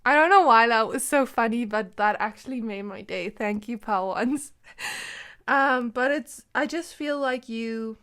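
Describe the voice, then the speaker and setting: A woman with a fairly high voice gives a casual pick-a-card tarot reading. She talks in a loose, chatty way, giggles often and leans on "like" as a filler. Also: unhurried, fairly bright tone, clean tone. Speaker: tarot reader.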